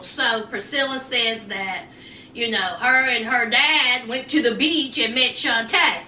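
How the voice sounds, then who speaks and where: A woman's voice: high voice, slow pace, echoey room, recorded from a distance, slight background noise. A woman, casually recapping a reality show, acting out people's lines and using folksy slang. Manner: animated, acts out people's lines in voices; folksy slang, "honey", "child". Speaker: recap vlogger.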